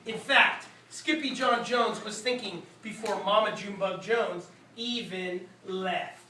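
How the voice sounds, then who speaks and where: A woman reading a picture book aloud to children, unhurried, with chatty asides to her listeners. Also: mid-range voice, sharp tone. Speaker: storybook reader. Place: room with live listeners. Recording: echoey room, reader far from mic, faint hiss.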